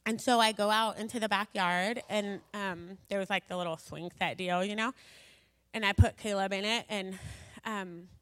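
A woman's voice: medium pitch, steady tone, normal speed. A woman giving a personal faith testimony to an audience, rambling and self-deprecating, full of filler words. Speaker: speaker sharing a personal testimony. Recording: long hall reverb.

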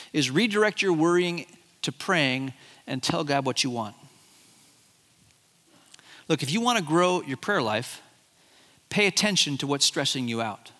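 A man preaching a sermon, animated and conversational, acting out Bible characters as he retells the story. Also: a little high, big-room sound. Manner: animated, acts out Bible characters in quoted voices. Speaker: pastor.

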